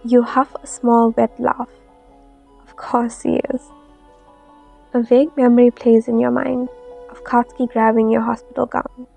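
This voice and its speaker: A woman reads a fanfiction story aloud in a soft, steady manner. Her voice is mellow and gravelly, sitting a bit high but barely moving in pitch, with faint lofi music behind. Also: moderate pace. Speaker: narrator. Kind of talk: fanfiction reading.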